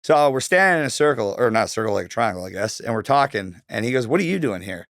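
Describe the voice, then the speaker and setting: A young man tells a story loosely and animatedly, swearing freely and slipping into the voices of the people he quotes. His voice sits at an ordinary middle pitch. The recording is dry and close. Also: very animated, fast talker, a bit bright, no echo. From Canada. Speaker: guest telling his life story. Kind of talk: casual storytelling.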